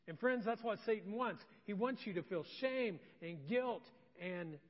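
A man with a high voice preaches to his congregation, telling stories and swinging from loud to soft, confiding tones. His sermon rings through a church sanctuary with a long reverb tail, and the sound is dull and muffled. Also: moderate pace, few pauses. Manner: storytelling, shifting from loud to soft and intimate. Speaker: pastor.

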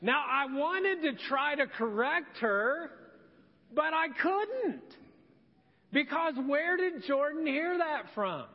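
A middle-aged man preaching a sermon as a pastor, telling stories in an animated, conversational way. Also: very high-pitched, slow. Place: church sanctuary. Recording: dull sound with long hall reverb.

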